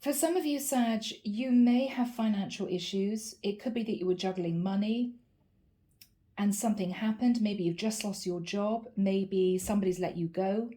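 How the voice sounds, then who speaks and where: A woman's voice: mid-range voice, moderate pace, dark tone. A woman giving a channeled tarot reading to her viewers, earnest and encouraging, often repeating her key phrases. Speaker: tarot reader.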